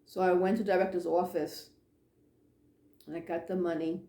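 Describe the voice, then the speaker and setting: A woman telling a ghost story in a casual, animated way, acting out the dialogue and sometimes dropping to a hush. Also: fairly low pitch, moderate pace, roomy sound. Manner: animated, acts out dialogue, drops to hushed tones.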